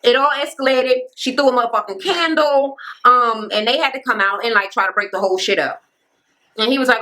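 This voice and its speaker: A woman's voice: on the high side, fairly quick, pushed and bright. A woman recapping a reality show in a blunt, profane rant, mimicking the people she quotes.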